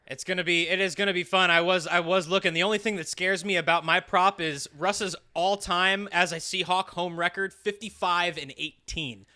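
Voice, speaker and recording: A man with a high, bright voice co-hosting a casual betting podcast. He muses aloud, hesitating and restarting his sentences. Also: fairly even intonation, normal speed, few pauses. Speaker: podcast co-host. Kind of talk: casual sports betting chat.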